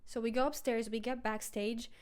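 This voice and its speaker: A woman's voice: level tone, normal speed, a little mellow, smooth. A young woman telling a personal story in a casual vlog, chatty and full of "like". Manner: chatty, fills with "like" and "bro"; jumps into high voices when quoting.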